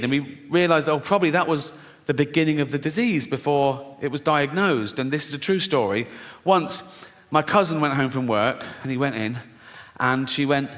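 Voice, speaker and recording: A man's voice: mid-range voice, a bit bright. An English man in his sixties doing a stand-up comedy routine, swearing and acting out voices in his stories, with a dry delivery. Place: large theatre stage. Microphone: stage microphone. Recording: live theatre recording with long reverb.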